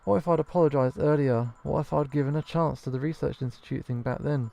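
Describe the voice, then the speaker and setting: A man reading the lines of an anxious, bitter bartender woman from a video game, in a halting, hesitant way. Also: on the high side, gravelly, mellow. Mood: regretful. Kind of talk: reading game dialogue aloud. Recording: faint game music behind.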